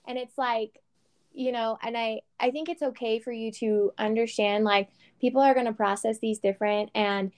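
Chatty higher-voiced woman. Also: darkish tone. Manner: chatty, frank, swears lightly, laughs often. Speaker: podcast co-host. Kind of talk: casual chat.

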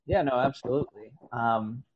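A man's voice: mid-range voice, moderate pace, phone-quality sound, a little hiss or hum. A man hosting a casual podcast chat, rambling and hesitant with many fillers as he asks questions. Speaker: podcast host.

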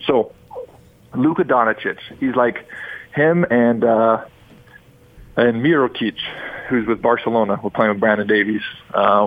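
A man's voice: lowish voice, no echo. A man in his thirties from Utah, a former pro basketball player, telling stories as a guest in a rambling, enthusiastic way. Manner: rambling and enthusiastic, frequent restarts. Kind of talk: sports radio phone interview. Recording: tinny phone line.

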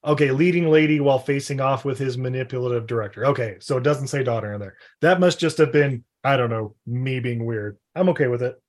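A man's voice: medium pitch, fairly quick, few pauses. A man hosting a casual film podcast, telling stories animatedly and acting out quotes with self-deprecating humor. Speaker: podcast host.

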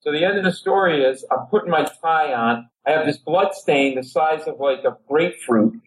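On a talk show, a middle-aged Rhode Island comedian spins a lengthy story, animatedly playing the characters in it. He speaks at normal speed with a fairly high pitch over poor audio.

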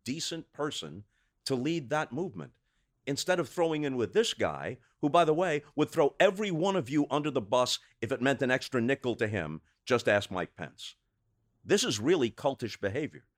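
A sports broadcaster appears as a guest on a podcast interview. His medium-pitched voice delivers long rhetorical sentences in an articulate, measured, emphatic way.

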